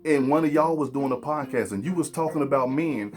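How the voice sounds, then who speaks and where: A man holds forth as a podcast host, blunt and preachy, talking straight at his audience. His voice sits at a middle pitch. A little music plays faintly behind him. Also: a little fast. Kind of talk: opinionated podcast monologue.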